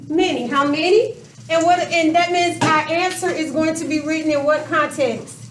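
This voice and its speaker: A woman's voice: high voice, steady tone, moderate pace, background noise. A woman teaching a math class, questioning her students and stretching out words for emphasis. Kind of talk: classroom lesson. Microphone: camera across the room. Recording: echoey classroom from far off.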